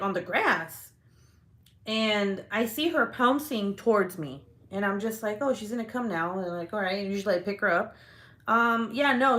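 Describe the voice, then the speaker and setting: A young woman telling a story in casual livestream chat, animated and profane, laughing often and acting out her own reactions. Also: mid-range voice.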